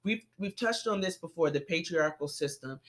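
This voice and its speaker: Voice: mid-range voice, lively intonation, moderate pace. A co-host in a heated casual discussion who talks earnestly and often backs up the others. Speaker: podcast co-host.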